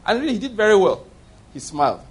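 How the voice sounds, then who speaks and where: A man's voice: high voice, very animated, fast talker, slightly rough. A male pastor preaching a sermon, telling stories emphatically and acting out the voices of the people he quotes. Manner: emphatic storytelling preacher who acts out quoted speech.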